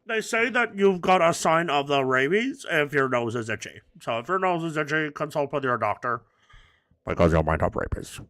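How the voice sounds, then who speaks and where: A man's voice: on the high side, sing-song, normal speed. Man rambling crude jokes over gameplay. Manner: swings between mumbling and loud outbursts. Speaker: gaming commentator. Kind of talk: let's play commentary.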